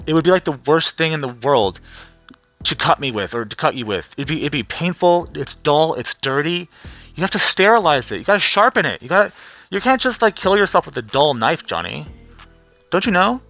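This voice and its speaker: A man puts on a falsely worried woman who keeps switching to flat, quiet goading. Her voice is bright and sits high. The sweetness is an act, and coldness leaks through. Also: fairly quick, no echo, faint music behind, full character voice. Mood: mock-concerned. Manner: swings between fake pleading and flat goading. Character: impression of a woman, mock-caring, cold and goading.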